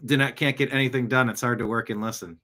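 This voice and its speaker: A man's voice: medium pitch, steady tone, fast talker, pushed and bright. A man hosting his own podcast in a casual, rambling monologue full of jokey asides. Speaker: podcast host. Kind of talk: casual live-show monologue.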